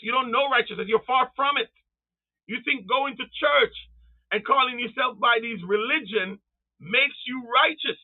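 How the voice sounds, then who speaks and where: Man preaching hard, real high voice, fervent, yells out to the crowd, tinny phone-line sound. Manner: fervent, rising to cries and shouts, drawing out scripture quotes slowly; calls out to the audience. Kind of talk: sermon.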